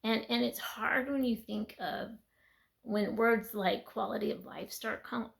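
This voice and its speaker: A woman speaking in a conversational, earnest way as she shares a personal faith testimony. Her voice has a gravelly edge. She sounds tired and teary, sometimes dropping into a whisper. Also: a little high, fairly even intonation, unhurried. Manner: earnest, conversational, with soft laughs and trailing whispers.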